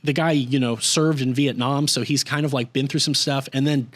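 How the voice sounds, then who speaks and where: A man's voice: mid-range voice, fairly even intonation, moderate pace, a bit bright. A man hosting a podcast and recapping a story in casual chat. He rambles, swears freely, says "like" a lot, and briefly acts out the characters when he quotes them. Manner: rambling and profane, with heavy use of "like". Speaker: podcast host.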